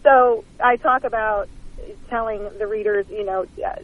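A woman's voice: mid-range voice, steady tone, a little slow, narrow, tinny audio. A woman author calling in as a guest, telling stories candidly with self-mocking humor and frequent laughter. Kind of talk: phone-in interview, casual storytelling. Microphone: phone line.

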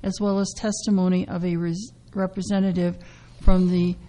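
A woman hosting a radio talk show about legal news, getting over a cough and speaking haltingly with many fillers. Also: lowish voice, level tone, dark tone, low-quality recording. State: recovering from a cough. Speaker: radio host.

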